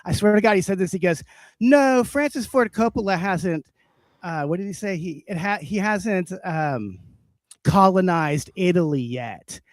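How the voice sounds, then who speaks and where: A man with a high voice holds forth on a casual livestream, ranting and swearing with lots of laughter. The sound is close and dry, with no room around it. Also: normal speed, no room sound. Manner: profane, ranting, laughs often. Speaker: livestream co-host. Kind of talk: casual comedic chat.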